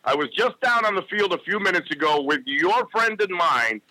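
A sports announcer, a man, tells a lively story as a guest. His voice is bright and slightly high, and it sounds dry and close with no room around it. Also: normal speed, no echo, rough recording. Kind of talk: casual interview storytelling.

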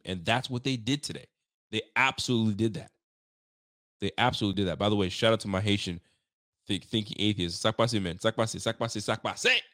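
A man's voice: fairly low pitch, a bit bright, no room sound. Man, from Canada, grew up speaking French and Creole, post-game show host, hyped, repetitive, joking, dry close sound. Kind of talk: casual sports talk stream.

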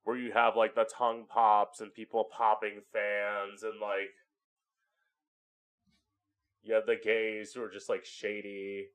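In a lowish monotone with a fairly bright quality, this home podcast host speaks slowly with long pauses. His solo monologue is still chatty and candid, peppered with swearing and acted-out voices.

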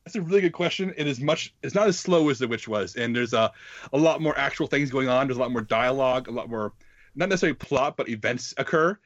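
A man's voice: medium pitch, lively intonation, fast, no room sound, lo-fi sound. A man in a casual film talk, often restarting and repeating words. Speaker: film podcast co-host. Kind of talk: casual chat.

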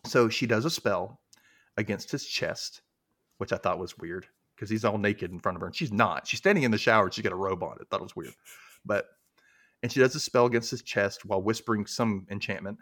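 Recapping a TV episode in a casual way, this male podcast co-host slips into put-on voices for the characters' lines. His voice is lowish and a bit bright, and he speaks briskly.

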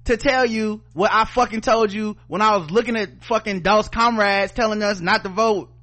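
A man's voice: high-pitched, steady tone, moderate pace, sharp tone. A man with a Southern US accent co-hosting a podcast, ranting heatedly and sarcastically, swearing often and reading news aloud. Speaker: podcast co-host. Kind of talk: profane opinion podcast rant.

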